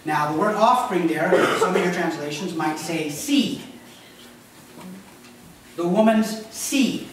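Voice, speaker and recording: A man giving a sermon as pastor, animated and joking in a conversational way. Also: on the high side, moderate pace, few pauses, a little hiss or hum. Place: church sanctuary. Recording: echoey church hall from a distance.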